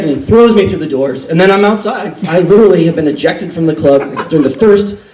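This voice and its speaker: A man telling a comic story from his own life at a live reading, animated, self-deprecating and freely profane. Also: a little high, a little fast, a little hiss or hum. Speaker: author reading from his book. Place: record store reading event. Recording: roomy echo, distant mic.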